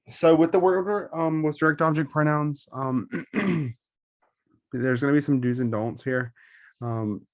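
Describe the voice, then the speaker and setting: A man's voice: medium pitch, no room sound, clean studio sound. A man teaching Spanish grammar in an online lesson, explaining slides with many ums and self-corrections.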